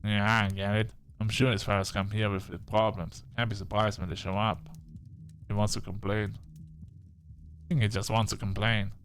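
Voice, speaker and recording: A man's voice: on the low side, little pitch movement, moderate pace, a bit bright, slight background noise, lightly acted. An actor playing a frank, folksy young male therapist in a game, plainspoken and drawling. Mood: wry.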